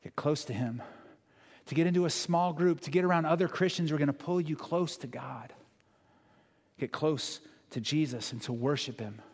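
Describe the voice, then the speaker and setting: Male pastor, somewhat high voice, casual-earnest sermon, long hall reverb. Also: normal speed. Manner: earnest, conversational preaching with rhetorical questions.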